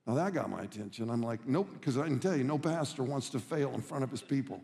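A man's voice: medium pitch, animated, fast talker, hardly any pauses, a little mellow, long reverb tail. A middle-aged man preaching a sermon as a pastor, telling stories in an earnest, emphatic way.

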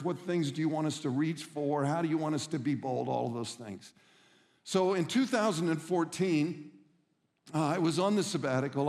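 Middle-aged male pastor, earnest storyteller, slightly high voice, long hall reverb. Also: a little mellow. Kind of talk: sermon.

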